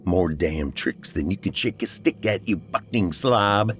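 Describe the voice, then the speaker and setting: A man voicing a vengeful young witch who coos softly, then barks commands in a growl. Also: deep voice, animated, measured pace, slight background noise. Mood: commanding.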